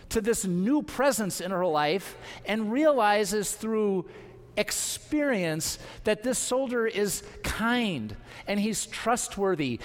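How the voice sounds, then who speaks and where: A pastor delivers his sermon in a high, lifted voice, leaning hard on key words with deliberate pauses. He takes his time over each phrase. The sound rings out with a long reverb from the hall. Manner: earnest, emphatic preaching with deliberate pauses.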